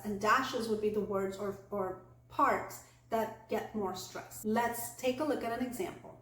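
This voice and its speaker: A woman with a slightly high voice teaches English pronunciation in a clear, deliberate way, slowing down to model example sentences. Her voice rings a little in an echoey room. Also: fairly bright tone. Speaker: English accent coach. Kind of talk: online English pronunciation lesson.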